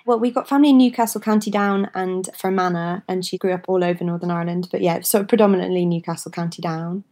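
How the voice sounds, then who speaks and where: A woman's voice: lowish voice, steady tone, fast, a little mellow. A woman in her twenties chatting as an interview guest, laughing often and hedging her words. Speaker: actress, guest. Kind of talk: casual interview chat.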